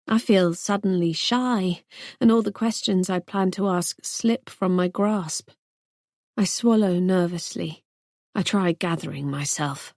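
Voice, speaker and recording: A woman narrating a first-person thriller audiobook in a tense, measured way. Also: on the low side, a little mellow, no echo, studio quality.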